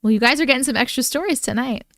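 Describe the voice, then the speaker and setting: Her high-pitched voice runs very fast with a slightly bright edge, recorded with no echo. She hosts a livestream, chatting casually with viewers and reading their stories aloud, breaking in with startled reactions.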